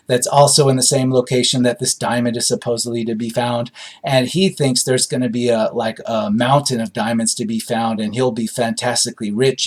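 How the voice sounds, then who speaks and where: A man giving a casual spoken film review, rambling and amused, with many fillers and restarts. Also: medium pitch. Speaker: movie reviewer.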